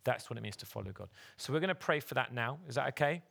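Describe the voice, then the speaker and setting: A man's voice: medium pitch, lively intonation, fast, gravelly, fairly bright tone. A man preaching a sermon as pastor at a church service, earnestly and directly urging the congregation.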